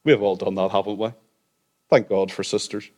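A man pastor preaching a sermon, earnest and conversational, with gentle humorous asides. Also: fairly low pitch, little pitch movement, a little fast.

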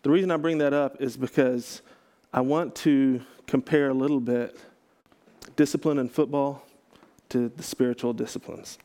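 A man's voice: medium pitch, fairly even intonation, normal speed, warm tone. A man from Texas, a pastor, giving a casual teaching talk to a group, chatty and self-correcting, with joking asides.

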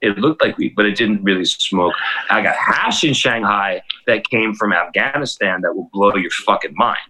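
A man in his forties hosting a casual chat, telling long rambling stories full of swearing and excited asides. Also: lowish voice, normal speed, low-quality recording. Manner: rambling, profane, animated storytelling. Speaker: DJ and podcast host.

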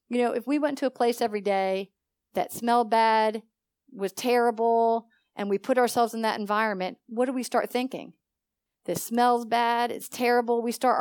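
A woman's voice: fairly high pitch, a little mellow, no echo. Woman preacher, teaching sermon with testimony, questions to the congregation, dry close sound. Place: church.

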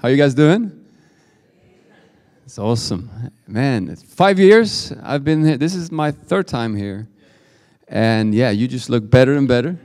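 A man's voice: medium pitch, animated, a little slow, long pauses. Swedish-accented man preaching in a hall. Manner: warm and informal, with frequent fillers and restarts. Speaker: guest preacher. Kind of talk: live sermon. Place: church service.

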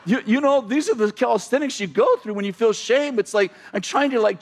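High-pitched guy preaching in church, gets really animated, goes from yelling to quiet asides. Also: a little fast, few pauses. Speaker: pastor. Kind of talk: sermon. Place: church sanctuary.

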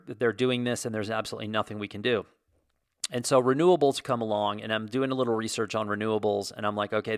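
A man's voice: mid-range voice, fairly bright tone, no room sound, studio quality. A man from the United States hosting a vlog, giving an opinionated monologue in a ranting, sarcastic way with lots of fillers. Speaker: video host.

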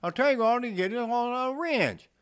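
A man's voice: very high-pitched, animated, brisk, voice pushed up. Man putting on a hollering Kentucky welder. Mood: hollering angry. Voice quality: loud, hollering. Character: rough angry male welder, hot-tempered.

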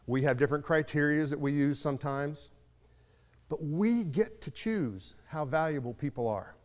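A man's voice: mid-range voice, darkish tone. A man preaching a sermon, telling a story in an earnest, reflective way and shifting his pace for emphasis. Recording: long reverb of a large hall.

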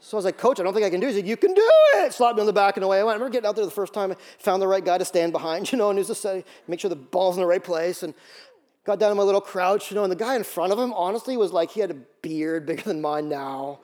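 A man pastor preaching a sermon, animated and storytelling, acting out quoted voices. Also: high-pitched, rapid-fire.

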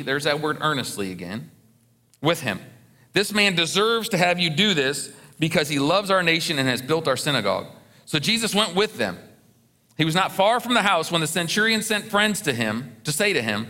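Male pastor, slightly high bright voice, earnest sermon delivery with repeated words. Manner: earnest preaching, repeats words when emphatic.

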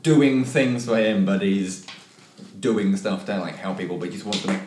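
A man's voice: lowish voice, steady tone. Hesitant man in an echoey room. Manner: hesitant, halting explanations. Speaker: player. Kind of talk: casual tabletop game chat. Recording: echoey room with faint noise.

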